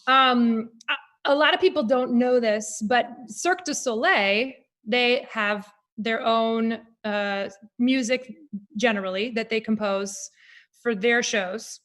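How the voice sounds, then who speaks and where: Woman, fairly high voice, animated, chatty, thoughtful, guest singer. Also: slow. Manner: animated, reflective, with frequent fillers. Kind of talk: conversational interview.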